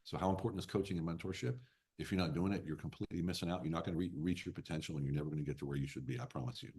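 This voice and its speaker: A man's voice: low voice, fairly even intonation, racing, darkish tone, slightly rough. A man in his fifties, a business coach telling stories as a podcast guest, blunt and emphatic with casual swearing. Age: 50s. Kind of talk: podcast interview storytelling.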